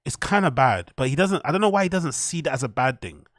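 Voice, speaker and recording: A man's voice: on the high side, animated, fast talker, no echo, clean studio sound. A man, commenting to his chat on a live stream in a rambling, profane way.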